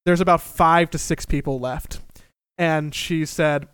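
Lively young man telling a story. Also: a little high, unhurried, clean tone, dry recording. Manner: animated, profane, self-mocking. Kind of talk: casual comedic storytelling.

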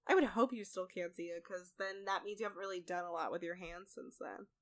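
A woman's voice: fairly low pitch, brisk. A woman co-hosting a podcast in casual chat about a reality show, frank and skeptical. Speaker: podcast co-host.

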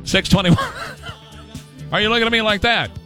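A man's voice: high voice, measured pace, sharp tone, soft background music. A man hosting talk radio, combative and sarcastic in his commentary. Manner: combative and sarcastic, mocking voices of others.

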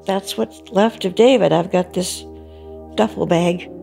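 An older woman recalling, in a halting and reflective way, how she heard terrible news. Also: fairly low pitch, creaky, mellow, faint music behind. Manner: halting, reflective, pauses and restarts. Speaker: bereaved mother interviewee. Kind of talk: personal recollection.

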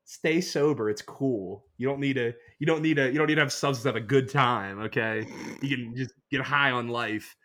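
A man's voice: medium pitch, moderate pace, hardly any pauses. A young man in his twenties, a podcast host rambling through a story in casual chat with lots of fillers. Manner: rambling, animated, full of fillers.

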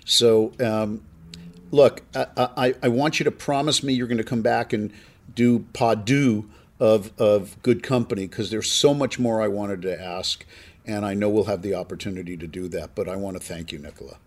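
A man's voice: fairly low pitch, normal speed. A man hosting a podcast, chatting effusively with his guest and often stumbling over restarts. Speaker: podcast host. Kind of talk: casual interview chat.

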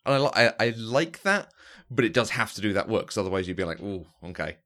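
A man's voice: on the low side, very animated, fast, sharp tone. A man, co-hosting a casual film discussion, who often stops and repeats words as he starts a thought. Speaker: podcast co-host.

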